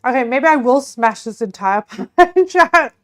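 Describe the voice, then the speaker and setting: Young woman, live streamer, casual chatter, giggly, addresses viewers, slightly high pitch. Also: expressive, a little slow, fairly bright tone. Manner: chatty, giggly, talks to chat while eating. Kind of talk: casual live-stream chat while cooking and tasting.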